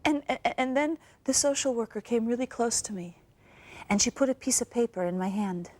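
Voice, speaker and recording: A young woman acting in a dramatic stage monologue as a woman in an abusive relationship, speaking in a slow, halting, reflective way. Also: fairly high pitch, animated, a little mellow, dry recording. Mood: somber. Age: young adult.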